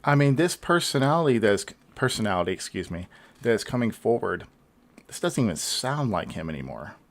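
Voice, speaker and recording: Low-voiced man musing over a clip. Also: sing-song, a little fast. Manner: thoughtful, musing, with hesitant fillers. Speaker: host. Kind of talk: reaction commentary.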